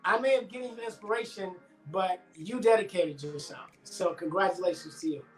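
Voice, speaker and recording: A middle-aged man, an actor and guest on a live-stream interview, who tells stories in a lively casual way and acts out the dialogue of the people in them, heard over a video call. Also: high-pitched, a little fast, reverberant, faint music behind, poor audio.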